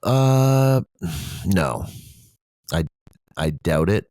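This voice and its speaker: A man co-hosting a podcast speaks extremely slowly in a low, sing-song voice with a darkish tone. He's an adult with children, and his casual talk rambles with frequent swearing and fillers. The recording is dry.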